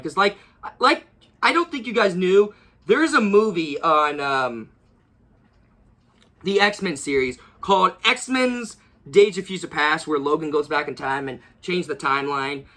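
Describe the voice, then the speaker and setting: A man's voice: high voice, pushed and bright. A young man giving a casual, rambling movie review, gushing and repeating himself with many fillers.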